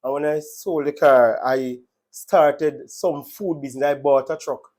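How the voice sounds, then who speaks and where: A Jamaican man tells his own faith testimony, his voice sitting a little higher than most men's. He talks earnestly and with emotion, often going back over the same words as he recounts what happened. It is an unscripted personal story. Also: fairly even intonation, unhurried, a little mellow. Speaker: testimony speaker.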